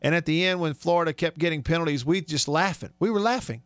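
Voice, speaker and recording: A chatty man hosts sports talk radio with an upbeat manner and frequent laughs. His voice sits a little high for a man. The studio mic gives a dry, close sound. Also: fast talker, fairly bright tone, smooth, dry recording. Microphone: studio microphone.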